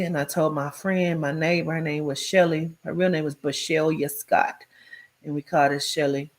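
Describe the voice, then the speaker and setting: In a deep voice, a woman tells her own life story candidly, bluntly and profanely, packing in "like" fillers and swinging between loud emphasis and hushed tones.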